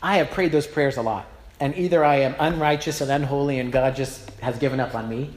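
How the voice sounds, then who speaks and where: A man's voice: medium pitch, fairly quick. A man preaching a sermon as a pastor, telling stories in a personal, self-deprecating, conversational way, recorded in a church. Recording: roomy echo, faint background noise.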